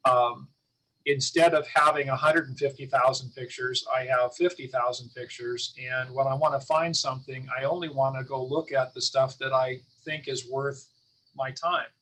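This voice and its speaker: A man's voice: mid-range voice, steady tone, moderate pace, pushed and bright. A man speaking as a guest on a club video call, conversational and emphatic, with frequent fillers. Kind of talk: casual Zoom meeting chat. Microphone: computer mic on a video call. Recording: distant mic on a video call.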